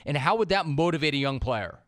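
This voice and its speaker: A man hosting a sports podcast, confident and smooth, running through picks and questions. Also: a little high, animated, brisk, fairly bright tone. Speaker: podcast host.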